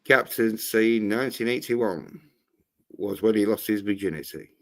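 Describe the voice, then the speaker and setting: A man's voice: fairly low pitch, moderate pace. A man hosting a casual livestream panel chat, talking bluntly and mockingly and swearing constantly. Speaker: livestream host.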